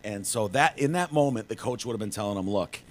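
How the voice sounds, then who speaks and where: A man's voice: lowish voice, expressive, a little fast. A man hosting a casual podcast, talking sports in a rambling, chatty way. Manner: rambling, chatty, many fillers and restarts. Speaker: podcast host.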